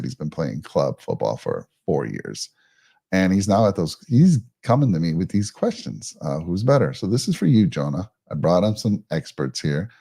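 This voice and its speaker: Low, mellow-voiced male show host. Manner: rambling, friendly, many fillers and restarts. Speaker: podcast host. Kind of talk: casual live show chat.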